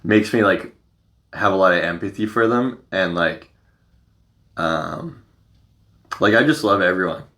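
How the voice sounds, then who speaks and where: A man with a low-pitched voice that still sounds bright and forceful. He hosts a podcast in loose, casual chat. He rambles, leans on "like" and swears freely. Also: unhurried, pauses often. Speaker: podcast host.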